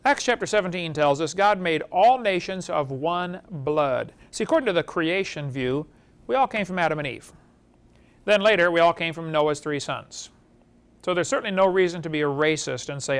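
Animated high-voiced male lecturer. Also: moderate pace, smooth. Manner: animated, rhetorical questions to the audience. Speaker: creation seminar speaker. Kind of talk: lecture to a live audience.

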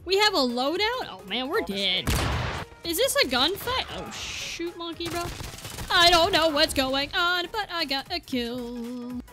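A woman calls out a shooter match as she plays it. Her voice is high and swings widely in pitch as she shrieks, apologizes to teammates and mocks her own aim. Game music and gunfire run underneath. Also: a little slow. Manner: excitable, exclaiming and apologizing a lot; self-deprecating joking. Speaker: gaming video creator. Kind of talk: live gameplay commentary. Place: at home, seated at a gaming desk.

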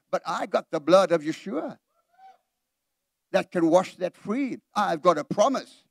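A man's voice: high voice, animated, measured pace, gravelly, long pauses, a bit bright, dry recording, clean studio sound. A middle-aged man preaching a sermon in a church. He preaches with animation, puts questions straight to the congregation and acts out the voices he quotes. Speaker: pastor.

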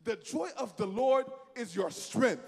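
Male preacher, lively swooping delivery, call-and-response sermon, echoing hall. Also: very high-pitched, unhurried, vocal fry, breathy edge. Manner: emphatic, repeats phrases, leads the congregation in call-and-response.

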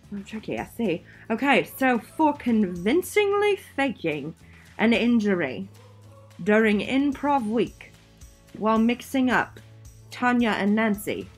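A woman's voice: medium pitch, husky. A woman theater teacher presenting awards in a playful, theatrical, jokey way, often interrupting herself.

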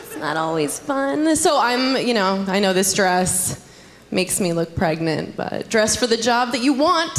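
A woman's voice: animated, measured pace. Young woman doing stand-up, teasing crowd. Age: young adult. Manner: chatty, teasing the crowd, sudden high squeals in bits. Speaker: stand-up comedian. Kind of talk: stand-up comedy set. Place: comedy club stage. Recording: loud background noise from audience.

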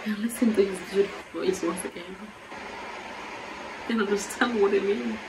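A woman earnestly reacting to a worship song on her vlog, growing fervent and then quiet and reflective. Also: mid-range voice, steady tone, moderate pace, background noise. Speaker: music reaction vlogger. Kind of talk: emotional worship music reaction.

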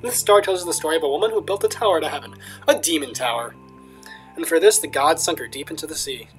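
A man voicing an eccentric old male stargazer with a loose attempted Russian accent and a slow, solemn storytelling delivery, reading game dialogue aloud. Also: on the high side, faint music behind, natural voice, poor audio.

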